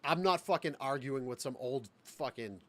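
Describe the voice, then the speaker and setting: A young man co-hosting a gaming podcast, telling a story in a profane, animated, exasperated way. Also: medium pitch, normal speed. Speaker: podcast co-host. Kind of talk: casual chat.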